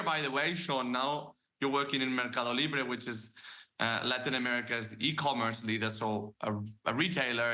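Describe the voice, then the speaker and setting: A man's voice: medium pitch, pushed and bright. A man with a Catalan accent hosting a podcast and joking with his guests. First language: Spanish. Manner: upbeat, jokey. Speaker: podcast host.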